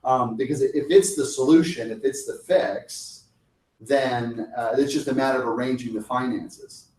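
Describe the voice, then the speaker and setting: A man of middle pitch leads a lunchtime sales workshop in a relaxed, conversational way. He often acts out brief back-and-forth lines between seller and client. The sound is roomy, picked up from a distance. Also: normal speed, slight background noise. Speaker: sales coach. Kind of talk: lunch talk presentation. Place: meeting room. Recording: echoey room, mic at a distance.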